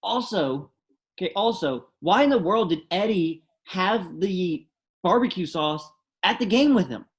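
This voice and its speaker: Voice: medium pitch, expressive, unhurried. A podcast co-host chatting casually, making critical points with rhetorical questions. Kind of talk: casual chat.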